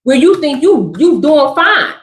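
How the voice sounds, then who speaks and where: A woman giving a spiritual message on a live stream, talking in an animated, emphatic, slangy and preachy way. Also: sits high, unhurried. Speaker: spiritual reader. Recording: roomy echo.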